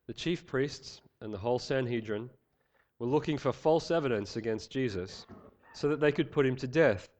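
Man with a head cold preaching. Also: mid-range voice. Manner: earnest, measured, some fillers. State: head cold, slightly nasal. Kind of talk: sermon with prayer and scripture reading.

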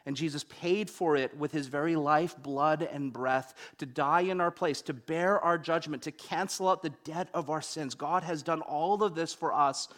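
Animated young man preaching a sermon. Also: a little high, normal speed, hardly any pauses. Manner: animated storytelling, wide swings between loud and hushed.

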